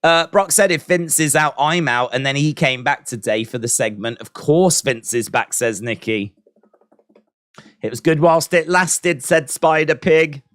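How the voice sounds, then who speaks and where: A man's voice: on the high side, unhurried, fairly bright tone, no room sound, clean studio sound. Joking man reacting on stream. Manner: joking, sarcastic, chats to viewers and reads out chat. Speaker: wrestling watch-along streamer. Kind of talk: live-stream reaction commentary.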